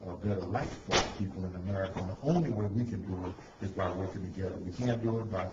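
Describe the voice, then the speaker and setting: A man answering interview questions calmly and reflectively. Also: low voice, fast talker. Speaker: interview guest. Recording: dull echoey recording with noise.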